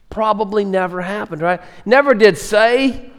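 A man's voice: medium pitch, lively intonation, normal speed. A pastor preaches a sermon earnestly and emphatically, often repeating words as he builds. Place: church sanctuary. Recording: echoey church hall.

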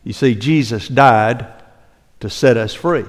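Older preacher in an echoing sanctuary. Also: male voice, medium pitch. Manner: earnest preaching, slowing for emphasis, dropping soft into prayer. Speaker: pastor. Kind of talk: sermon. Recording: long hall reverb.

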